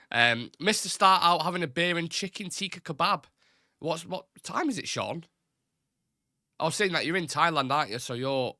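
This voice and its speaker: A man's voice: medium pitch, pushed and bright, no echo, clean studio sound. A man hosting a live fan stream, chatting casually and reading out viewer comments in a rambling, self-deprecating way. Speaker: host of a live fan show.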